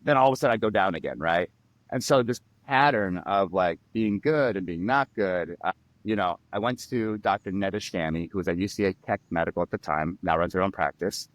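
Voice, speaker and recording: Male podcast guest, fairly low voice, dry close mic; lively storyteller who voices his own quotes. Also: fairly quick, no room sound. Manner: animated storyteller, acts out quotes and sound effects.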